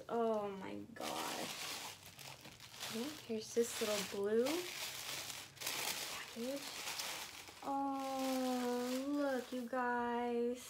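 A woman's voice: on the high side, fairly even intonation, noisy background. A woman vlogging casually as she unboxes gifts, gushing and emotional, at times tearful. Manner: slow, drawn-out delivery. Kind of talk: casual chat to camera.

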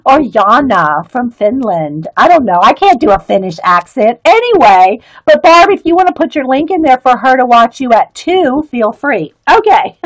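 A woman's voice: high voice, no echo, poor audio. A woman hosting a casual art and craft live stream, chatting to viewers and reading their comments, giggly and full of fillers and restarts. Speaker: art and craft livestream host. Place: home craft studio.

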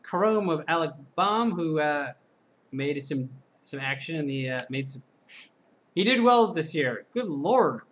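A man talks to himself while opening card packs for his own channel, filming from the corner of a room at home and sounding chatty and self-deprecating. He speaks a little slowly, in a slightly high, fairly bright voice that's expressive.

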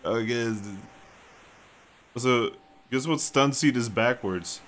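A let's play commentator giving casual gameplay commentary, excitable, swearing and laughing often. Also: medium pitch, slow pace, slight background noise.

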